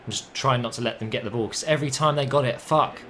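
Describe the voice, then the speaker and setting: A young man commentating on his own football video game match, casual and chatty, with swearing and sudden excited outbursts. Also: mid-range voice, quick pace, slight background noise. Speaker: gaming commentator.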